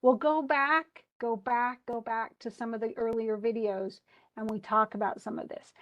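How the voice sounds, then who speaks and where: Middle-aged woman, classroom teacher, slightly high voice, chatty, thinks aloud. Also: steady tone, moderate pace, muffled recording. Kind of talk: classroom lesson on poetry meter.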